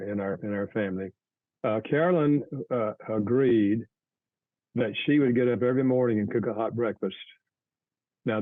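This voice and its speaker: An older man, a guest author, earnestly telling a family story in an interview, with halting restarts. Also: on the low side, no room sound, narrow, tinny audio.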